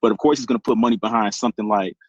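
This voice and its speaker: A man's voice: fairly low pitch, fairly even intonation, very fast, a little mellow, husky, dry recording, rough recording. A man calling into a show, rambling his point with many fillers. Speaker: caller. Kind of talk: casual call-in commentary. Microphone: remote audio call.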